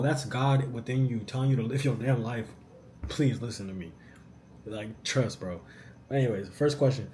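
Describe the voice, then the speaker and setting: A young man answering viewer questions in a casual vlog, animated and slangy. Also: mid-range voice, slight background noise. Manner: animated, slangy, says "bro" often.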